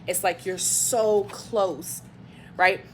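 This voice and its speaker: Rambling, excitable woman tarot reader. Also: medium pitch, extremely slow, slight background noise. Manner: rambling, filler-heavy storytelling; excitable, loses words mid-sentence. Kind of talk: casual tarot reading.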